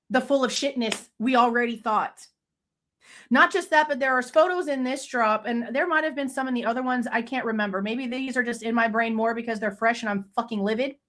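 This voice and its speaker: A woman, her voice pitched high, tears into people in heated, profanity-laced true crime commentary. She talks straight into a desk mic as a faceless channel host. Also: a bit bright. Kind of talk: angry ranting commentary.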